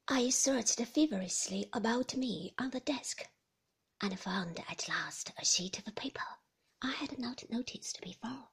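A woman narrating a novel in a hushed, half-whispered, tense way. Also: a little high, measured pace, gravelly, husky. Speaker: audiobook narrator.

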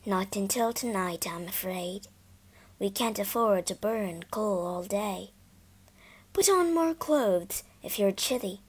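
A woman voicing a gentle, worried mother who speaks softly and lower than the narration. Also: very animated, a little slow. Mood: weary. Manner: soft and hushed.

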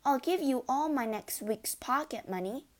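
A woman's voice: sits high, lively intonation, normal speed, voice pushed up. A woman voicing a bold, clever young girl who talks eagerly and playfully.

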